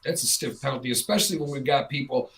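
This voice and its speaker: A transgender woman hosting a talk show speaks fast in a very deep voice, on a low-quality recording. In casual chat she's blunt, fired up and animated, arguing through lots of rhetorical questions.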